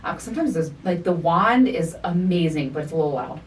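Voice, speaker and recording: Animated, foul-mouthed podcast host woman. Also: lowish voice, fairly quick, distant mic. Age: middle-aged. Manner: animated storytelling, profane, acts out quotes. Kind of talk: casual chat.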